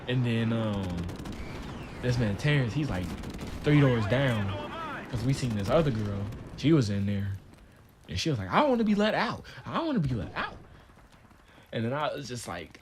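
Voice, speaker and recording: A man's voice: mid-range voice, slight background noise. A young man casually telling a story on his channel, in a laid-back, slangy way. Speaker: channel host. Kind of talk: storytime vlog.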